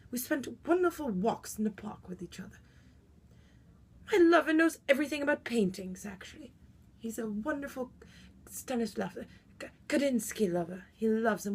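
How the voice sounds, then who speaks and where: Woman playing a haughty melodramatic socialite. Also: on the high side. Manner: imperious, theatrical, swings between shouting and breathy whispers. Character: haughty melodramatic socialite woman, self-styled French heritage. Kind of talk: comic character monologue.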